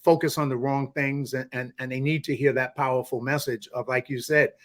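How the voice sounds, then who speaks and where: A man's voice: mid-range voice, steady tone, a little fast. A man hosting a podcast, chatting casually in a rambling way with many restarts. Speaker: podcast host. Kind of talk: casual interview chat.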